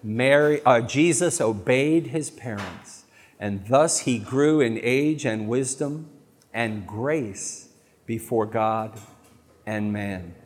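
A man giving a lively, jokey talk to a live audience on faith, full of quick asides. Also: mid-range voice. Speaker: Catholic speaker. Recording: long hall reverb.

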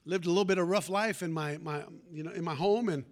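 A man's voice: a little high, quick pace. A man preaching a sermon, calling out for amens and telling a folksy personal story with fervor.

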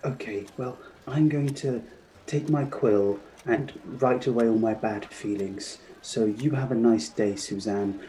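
A man as a smug casting director, stammering, flippant, very dark mellow tone. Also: medium pitch, measured pace, a little hiss or hum, close to an everyday voice. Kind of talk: improvised comedy sketch.

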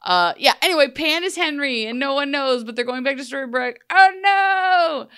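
A woman's voice: sits high, brisk, pushed and bright, clear, resonant tone, no room sound, clean studio sound. A young adult woman co-hosting a podcast, chatting casually and sarcastically about a TV episode. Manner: chatty, sarcastic asides, acts out quotes. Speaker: podcast co-host. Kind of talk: casual TV recap chat.

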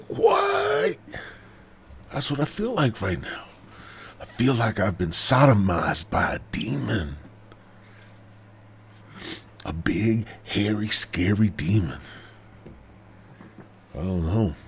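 Very deep-voiced rambling podcast man. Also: fairly bright tone, a little hiss or hum. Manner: crude, rambling, drawling, slips into whispers. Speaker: podcast host. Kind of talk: comedic rambling podcast monologue with mock ASMR whispering.

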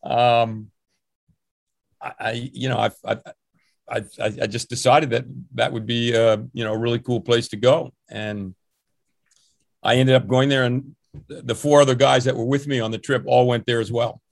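In a dry recording, a mid-range male voice with vocal fry talks at normal speed in a level tone. He's an older longtime swim coach from New Jersey, USA, telling stories of his youth in a relaxed interview, rambling and anecdotal, restarting and chuckling along the way.

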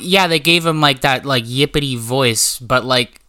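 A man in his late twenties hosting a casual podcast chat, animated and jokey, swearing freely. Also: mid-range voice, unhurried, no room sound, clean studio sound. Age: late 20s. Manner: animated, jokey, swears, many likes and you-know-what-I-means. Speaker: podcast host.

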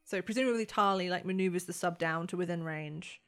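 A woman's voice: on the low side, brisk, a bit bright, clear, resonant tone, soft background music. A woman narrating as game master of a tabletop role-playing game, in a loose, chatty way full of fillers.

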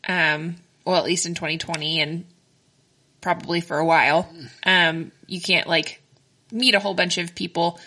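Brief: woman co-host, bright and forward tone, giggly rambling chatter. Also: fairly low pitch, fairly even intonation, moderate pace. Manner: giggly, rambling, says like a lot. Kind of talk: casual chat.

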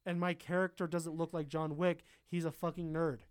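A man's voice: fairly high pitch, level tone, moderate pace, clear, resonant tone, no echo, clean studio sound. Profane, rambling man chatting about games. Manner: rambling, profane, laughs often. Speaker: podcast co-host. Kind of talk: casual chat about video games.

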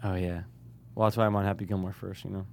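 A man chatting casually as a podcast co-host, eager and quick to blurt out excited remarks. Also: sits low, vocal fry. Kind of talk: casual chat.

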